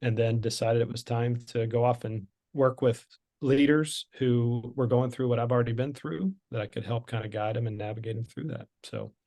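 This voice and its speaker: A man's voice: mid-range voice, a little mellow. A middle-aged man telling his story as a podcast guest, candid and conversational with frequent fillers and restarts.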